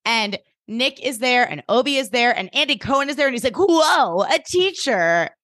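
A woman's voice: fairly high pitch, a little fast, sharp tone, dry recording, studio quality. Chatty young woman recapping a show. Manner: chatty, profane, acts out character lines. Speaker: podcast co-host. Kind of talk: casual recap chat.

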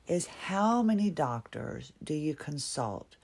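Chatting on her podcast at normal speed, this middle-aged host from Virginia speaks in a low, animated voice with a Virginian accent. It's a relaxed solo monologue, dry-humored and self-mocking.

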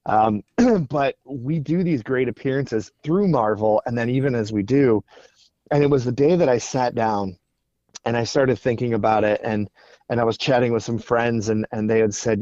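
A man's voice: medium pitch, normal speed, warm tone, dry recording. Earnest storytelling man, dull recording. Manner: earnest storyteller, repeats words. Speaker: guest. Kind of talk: casual podcast interview.

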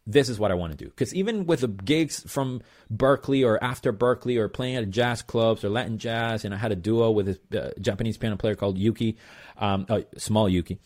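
A man with a somewhat low voice recounts his own story as an interview guest. He talks loosely and casually, drifting through asides and fillers as he goes. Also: moderate pace, darkish tone. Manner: rambling, loose, lots of fillers and "blah blah". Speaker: percussionist guest.

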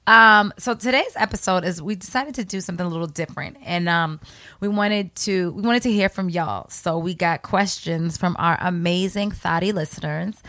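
A woman co-hosting a chatty podcast, easygoing and quick to laugh. She has a bright, forward tone that sits a little low for a woman. The sound is dry and close to the mic. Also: no room sound. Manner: laid-back, laughing, many fillers. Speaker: podcast co-host. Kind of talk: casual chat.

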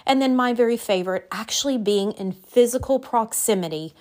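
A woman's voice: on the high side, brisk, darkish tone. Emphatic woman giving a motivational talk. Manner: emphatic and direct, lists numbered takeaways; repeats phrases for emphasis. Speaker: women's life coach.

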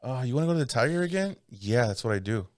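A man's voice: medium pitch, fast talker, no echo, clean studio sound. A man in casual chat with friends, telling crude stories with lots of swearing and laughter. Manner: crude, profane, laughing storyteller; lively, animated delivery.

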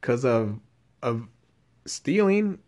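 A man's voice: medium pitch, very animated, extremely slow, a little mellow. A young man telling a rambling, profane story in casual chat.

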